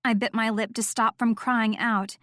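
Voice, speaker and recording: A woman's voice: a little high, level tone, normal speed, fairly bright tone, dry recording. Woman narrating an audiobook in a dry, close voice. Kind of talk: scripted first-person audiobook narration.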